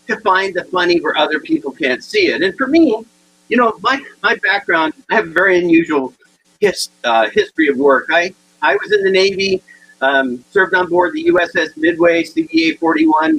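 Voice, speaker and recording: A man in his sixties giving a humorous motivational talk, animated and acting out the people in his stories. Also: high-pitched, breathy edge, rough recording. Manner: animated storyteller acting out dialogue. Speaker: keynote speaker.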